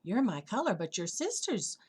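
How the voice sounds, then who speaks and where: A woman voicing a gentle blue hydrangea flower. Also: mid-range voice, sing-song, normal speed, breathy edge. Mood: refusing.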